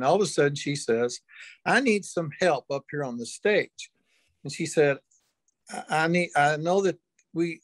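Older male guest, folksy anecdotal storyteller, a bit high-voiced, dry close sound. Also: no echo. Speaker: interview guest. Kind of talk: storytelling in an interview.

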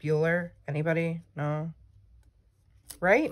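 Chatty low-voiced woman vlogger. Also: lively intonation, a little slow. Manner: chatty, rambling, self-teasing. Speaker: planner vlogger. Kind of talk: casual chat while crafting.

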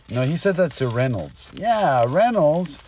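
A man's voice: mid-range voice, a little mellow, slight background noise. A man delivering a rambling improvised comic monologue, jumping between topics and cutting himself off. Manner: rambling, jumps between topics, self-interrupting. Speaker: comedic monologuist.

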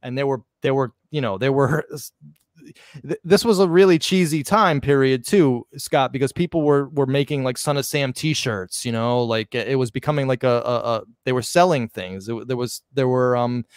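A man's voice: mid-range voice, normal speed, smooth, no room sound. A man hosting a loose, live-streamed conversation in a mid-range voice. He rambles and keeps restarting his sentences. His voice sounds close and dry, with no room around it. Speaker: host. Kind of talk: casual live-streamed chat.

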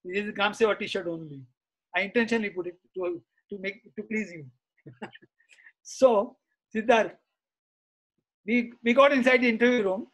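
A man's voice: sits high, normal speed, long pauses, a bit bright, low-quality recording. A middle-aged man, an interview guest, recounting anecdotes in a chatty, reminiscing way, full of "you see" and "uh". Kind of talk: anecdotal storytelling in conversation.

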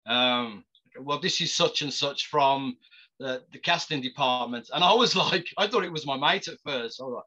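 A man who acts is casually telling stories, laughing a lot and often stumbling into restarts. His voice is medium in pitch with a sharp tone, moving at a moderate pace, and the sound is lo-fi.

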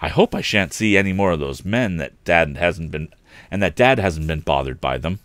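A man's voice: moderate pace, no room sound. Man voicing an eager young inventor. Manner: excited, pitched well above the reader's own voice.

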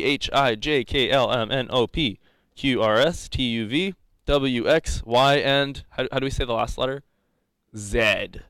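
Young man, coding instructor, rambling, jokey, laughs often, smooth voice, dry sound. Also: mid-range voice, fairly bright tone, no room sound. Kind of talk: live coding lecture.

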